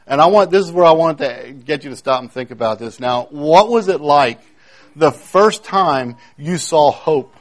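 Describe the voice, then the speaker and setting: A man preaching a sermon, emphatic, repeating key phrases and swinging between loud declarations and hushed moments. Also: fairly high pitch, animated, moderate pace. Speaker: pastor.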